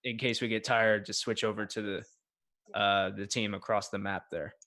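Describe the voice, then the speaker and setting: A man hosts a casual late-night livestream with a fairly low voice. He chats in a friendly, rambling way and keeps thanking people warmly. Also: little pitch movement, normal speed. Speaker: livestream host.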